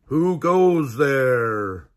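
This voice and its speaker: An older man voicing an armored knight in a children's storybook, calling out loudly. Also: high voice, very animated, normal speed, slight background noise, pitched above the performer's own voice. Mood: booming.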